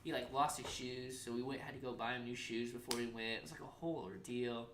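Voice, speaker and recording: A young adult telling a story in casual podcast chat, animated, acting out quotes, swearing freely and saying "like" constantly. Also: mid-range voice, quick pace, background noise.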